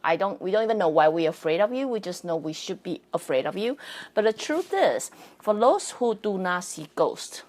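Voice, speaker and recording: A woman's voice: medium pitch, sing-song, moderate pace, a little mellow. A woman, a non-native English speaker, hosting a casual solo podcast as a psychic and spirit coach. She talks in a chatty way, laughs often and keeps asking "right?". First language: not English.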